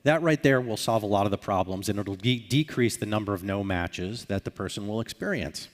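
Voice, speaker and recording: A man with a low voice gives a conference talk in a large hall, and his words ring out with a long reverb. He explains his points and acts out short sample dialogues along the way. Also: animated, fairly quick. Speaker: conference speaker.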